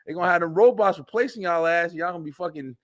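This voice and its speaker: A man's voice: fast, slight background noise. A young man hosting a web show, telling funny stories in a loose, profane way and laughing often. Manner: animated, laughs often, profane, voice swings high when excited. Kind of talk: casual comedic storytelling.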